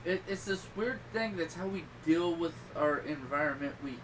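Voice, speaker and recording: A middle-aged man hosting a podcast, chatting casually and telling rambling stories with sudden loud bursts. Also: on the high side, normal speed, distant mic. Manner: rambling, animated storytelling with loud outbursts. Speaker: podcast host. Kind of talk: casual chat. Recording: voice a little off-mic with clear background noise.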